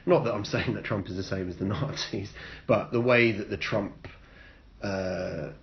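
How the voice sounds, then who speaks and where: A man co-hosting a casual podcast chat, wry and dry, often breaking off and restarting sentences. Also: creaky. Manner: wry, dry joking, talks in halting restarts. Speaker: podcast co-host. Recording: muffled low-fi sound with some noise.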